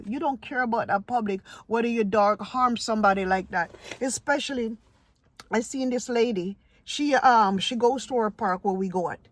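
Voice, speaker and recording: A woman's voice: on the high side, dry recording. A woman vlogger from Ohio, giving her opinion in an emphatic, lecturing way that repeats points. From Ohio, USA. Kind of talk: casual opinion vlog.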